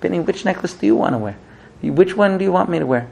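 A man voicing an indecisive young wife who asks question after question in a soft, fretful way. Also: sits high, lively intonation, quick pace, vocal fry, pitched above the performer's own voice.

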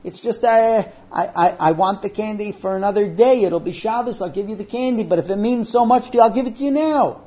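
A soft-hearted father frets and stammers over his child as a man acts him out. His voice sits high and mellow, and the recording sounds dull and lo-fi. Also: a little fast, hardly any pauses, lightly acted. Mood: soothing. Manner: anxious, fussing, stammering.

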